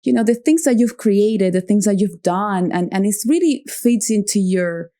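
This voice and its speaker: A woman's voice: mid-range voice, normal speed, warm tone. A woman hosting a podcast who talks reflectively, searches for her words and laughs easily. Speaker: podcast host. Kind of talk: reflective interview conversation.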